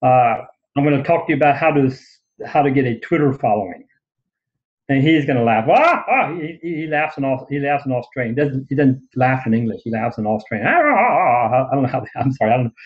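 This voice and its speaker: Man, blunt, self-deprecating presenter. Lo-fi webinar audio. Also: mid-range voice. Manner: blunt, joking, halting restarts. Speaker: guest speaker.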